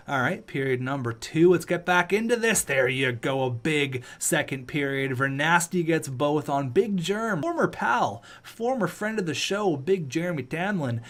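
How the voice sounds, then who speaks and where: A young man with a fairly high voice, chatting through a sports video game for his channel. He keeps it upbeat and playful, tossing jokes and asides to the viewers as the games roll by. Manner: upbeat, joking, talks to viewers. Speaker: gaming channel host. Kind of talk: casual video game commentary.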